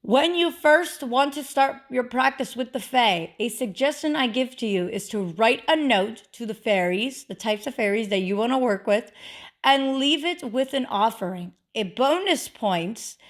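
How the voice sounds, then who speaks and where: A fairly high-voiced woman talks through a casual instructional vlog. She is chatty and loose, leaning on fillers and repeating her warnings for emphasis. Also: animated, measured pace. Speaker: witchcraft video host.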